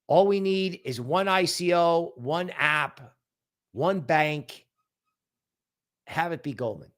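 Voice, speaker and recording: A man's voice: fairly high pitch, slow pace. A man hosting a crypto livestream, talking casually and animatedly, often mocking other people's worries in quoted voices. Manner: animated, sarcastic, mock-quoting others.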